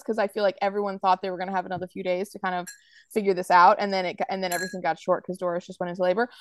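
A woman's voice: mid-range voice, no echo. An American woman co-hosting a podcast in casual chat, rambling through her points and acting out quotes from scenes. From United States. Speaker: podcast co-host.

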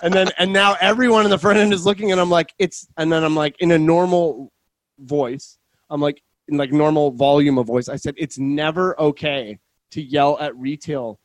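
Animated storytelling man, rather high voice. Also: no echo. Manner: animated, swearing, quick restarts. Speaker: podcast host. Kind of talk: casual chat, storytelling. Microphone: remote call setup.

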